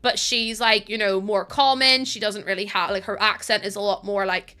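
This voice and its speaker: A young British woman chatting casually to her viewers while she plays a game on a live stream. She talks in an expressive, chatty way, swears freely and laughs often. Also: mid-range voice, normal speed, clear, resonant tone. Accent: British English.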